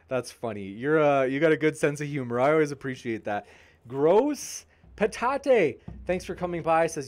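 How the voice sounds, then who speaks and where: A man hosting a live stream chats in a loose, joking way as he answers viewers' comments. His voice sits a little higher than most men's, and his tone stays upbeat and friendly throughout. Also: expressive, normal speed. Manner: jokey, upbeat banter. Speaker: debate channel host.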